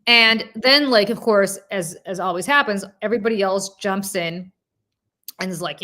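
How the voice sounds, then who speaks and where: A woman hosting a political talk show, telling a story in an animated, casual way with asides and restarts. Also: mid-range voice, moderate pace. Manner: slips into mocking quoted voices of politicians. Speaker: political commentator and show host.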